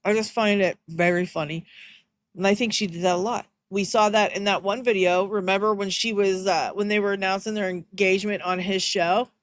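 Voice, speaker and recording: A woman commentating on a livestream in a casual, mocking way, blunt and quick to laugh. Her voice sits in a mid range. The sound is dry and close-miked. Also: mid-range voice, fairly even intonation, dry recording.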